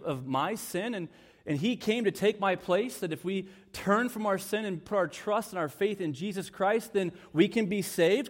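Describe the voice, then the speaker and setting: A man preaching a sermon with a slightly high voice, earnest and heartfelt. He dips into hushed, slow phrases for emphasis. The sound carries a long reverb from a large hall. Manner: earnest, dropping to soft hushed tones for emphasis. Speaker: pastor.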